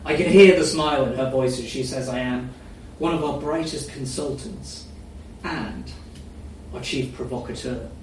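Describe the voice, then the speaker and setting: Deadpan man reading in an echoey room. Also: mid-range voice, normal speed, crowd noise. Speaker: story reader. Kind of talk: live first-person story reading. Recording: echoey room, mic far off, faint noise.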